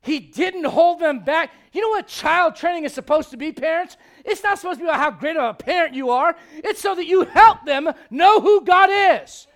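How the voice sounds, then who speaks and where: A male pastor preaching a blunt, confrontational sermon, swinging from loud outbursts to hushed intensity. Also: very high-pitched, moderate pace, hardly any pauses.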